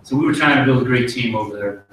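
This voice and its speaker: A middle-aged man, an army officer, giving an earnest promotion speech and telling a folksy story with pauses and restarts. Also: mid-range voice, a bit bright, distant mic, a little hiss or hum. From United States. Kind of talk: ceremony speech with war story. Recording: very echoey hall, voice from afar.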